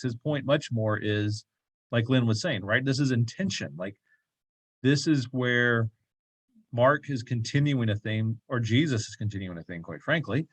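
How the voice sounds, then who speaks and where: This low-quality recording has no room sound and features a man with a medium-pitched, slightly rough voice. Running a casual Bible study at church, he slowly reads a passage aloud, then talks loosely with lots of asides, laughter and "right?" checks.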